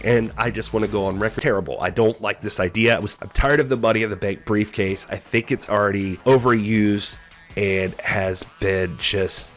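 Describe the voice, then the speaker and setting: A man hosting a podcast, giving a casual and opinionated wrestling recap with animated storytelling and exasperated asides. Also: on the low side. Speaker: podcast host.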